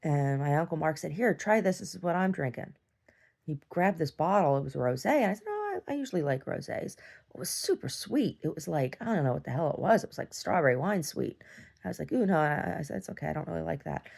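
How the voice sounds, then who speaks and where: A young woman with a deep, darkish voice and vocal fry talks fast and animatedly in a rambling personal video diary. She wanders from topic to topic, restarting sentences, saying "like" constantly and swearing casually.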